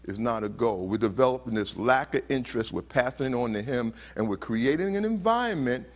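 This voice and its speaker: An earnest man speaking to a conference audience, with his voice at a middle pitch. He questions the room as he goes and now and then acts out angry quotes. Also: animated, fairly quick. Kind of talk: motivational talk to a live audience. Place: conference hall.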